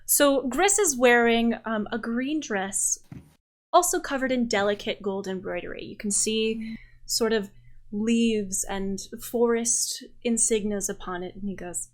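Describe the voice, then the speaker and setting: A woman running a tabletop game as game master, narrating scenes and voicing characters in a relaxed, chatty way. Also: on the high side, unhurried.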